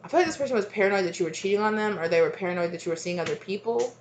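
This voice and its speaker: A tarot reader with a medium-pitched, expressive voice talks rapid-fire through a loose, repetitive reading packed with fillers and side comments. She laughs a lot, and there's background noise behind her.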